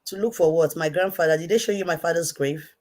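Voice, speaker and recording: A woman with a Nigerian accent giving an impassioned rant to camera, repeating herself emphatically and swinging between quiet intensity and shouting. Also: on the low side, fast. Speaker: online commentator.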